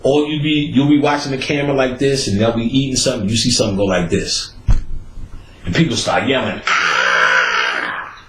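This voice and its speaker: A man's voice: medium pitch, fast talker, slight background noise. A man hosting a show, giving a casual, profane rant and laughing between points. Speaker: host. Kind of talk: casual ranting monologue. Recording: roomy echo, faint background ambience.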